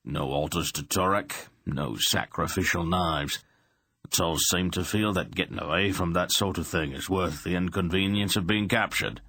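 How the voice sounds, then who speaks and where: A man's voice: low-pitched, moderate pace, pushed and bright, no room sound, full character voice. A man voicing a plain-spoken, practical middle-aged smith who explains things with dry understatement. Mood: matter-of-fact. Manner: dry, matter-of-fact understatement.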